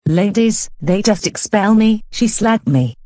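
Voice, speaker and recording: A snappish, irritated young woman, played by a woman in a fan-made cartoon clip. She snaps back in broken, halting phrases, and her voice sits at an ordinary middle pitch. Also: lively intonation, music in the background, lightly acted.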